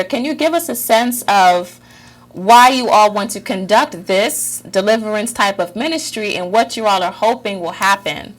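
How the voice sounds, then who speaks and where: A businesslike female TV interviewer asks questions at a middle pitch. She keeps things brisk and cuts in to steer the talk. Her voice stays even and clear. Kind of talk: news interview.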